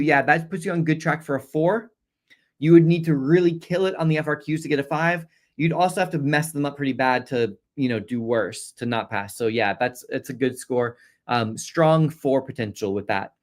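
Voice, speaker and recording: A fairly high-voiced man runs a loose live-stream review session. He talks casually, reels off long lists of names for shout-outs, and trips over hard names with quick apologies. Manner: chatty, rattling off viewer shout-outs. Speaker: AP exam review host.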